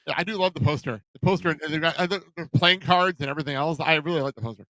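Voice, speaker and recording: A man's voice: fairly high pitch, very fast, a bit bright, no echo, rough recording. A man hosting and producing a casual podcast, reading out match cards with frequent fillers and rambling asides. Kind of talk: casual chat.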